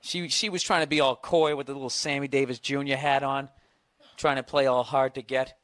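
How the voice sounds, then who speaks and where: A man's voice: medium pitch, flat delivery, a little fast, a bit bright, no echo. A man hosting a podcast, chatting casually and trading teasing, boastful banter with his partner. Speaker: podcast host. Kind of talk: casual chat.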